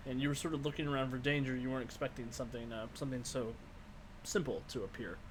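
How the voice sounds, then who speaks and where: A man's voice: mid-range voice, fairly even intonation, quick pace, noisy background. A man narrating a tabletop role-playing game as game master in a loose, descriptive way.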